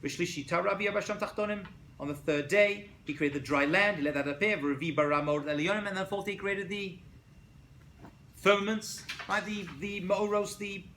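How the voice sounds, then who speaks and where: A man, a rabbi, giving a casual classroom lecture to students, animated and often checking in with "right?". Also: high voice, a little hiss or hum. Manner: animated, asks students questions, frequent "right?". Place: college lecture room.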